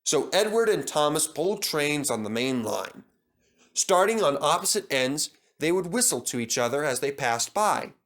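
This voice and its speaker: A man's voice: a little high, normal speed. A man reading a children's train story aloud as narrator. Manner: expressive, lively narration.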